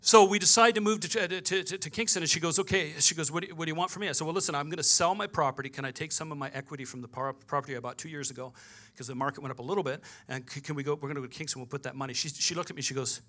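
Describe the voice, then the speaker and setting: Bright-voiced pastor telling a story. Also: male voice, on the high side, very fast. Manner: storytelling with quoted dialogue, animated. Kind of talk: sermon.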